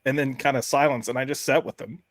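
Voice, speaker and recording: A man hosting a casual panel discussion, telling personal stories in an earnest, halting way. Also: medium pitch, fairly even intonation, no echo. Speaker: podcast host.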